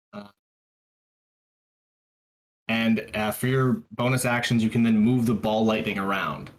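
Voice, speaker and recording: A man playing a tabletop game, talking casually in a hesitant, halting way. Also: medium pitch. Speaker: player.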